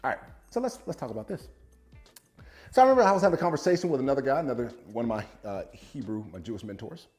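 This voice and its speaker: A man's voice: medium pitch, animated, very fast, darkish tone, faint music behind. A man, a former football player turned business coach, telling a story to camera and quoting a friend aloud with frequent laughs.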